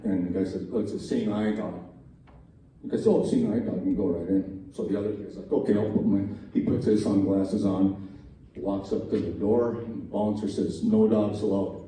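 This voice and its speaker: A man with a fairly low, dark, steady voice tells joke after joke at a college talent show, moderately paced and folksy, shifting his voice slightly for quoted lines. The event hall recording is very echoey and distant, with faint ambience and the audience laughing.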